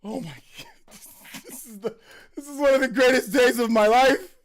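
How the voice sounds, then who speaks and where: Hoarse, emotional man reacting live. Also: very high-pitched, normal speed. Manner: excited, emotional, repetitive exclamations. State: losing his voice. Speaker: host.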